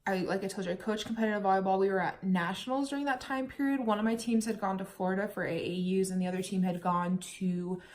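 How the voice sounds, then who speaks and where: A woman's voice: medium pitch, fairly even intonation, quick pace, hardly any pauses, a little mellow. A young woman from the United States telling her own story in a candid, chatty vlog, at times holding back tears. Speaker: vlogger.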